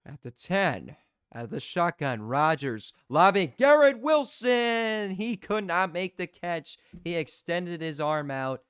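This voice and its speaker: A young man giving live play-by-play as a fan commentator, excitable and prone to restarting his sentences. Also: on the high side, a little slow, clean tone, no echo, studio quality. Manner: excitable, shouts in disbelief, repeats and restarts.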